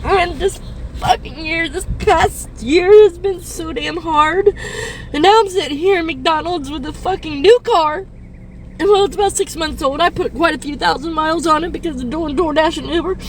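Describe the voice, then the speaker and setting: A woman in her fifties with a very high voice breaks down in tears as she vents. Her speech is halting and full of swearing and nervous laughs. She is recorded on a phone in her parked car, with faint noise behind her. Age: 50s. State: crying and distressed. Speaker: rideshare and delivery driver. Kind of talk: tearful venting video. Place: parked car in a fast-food parking lot.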